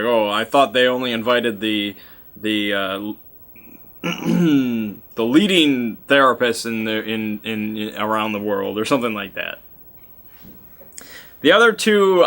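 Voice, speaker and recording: A man's voice: mid-range voice, bright, forceful tone. A man casually recapping a tabletop game session, rambling, with many fillers and chuckling asides.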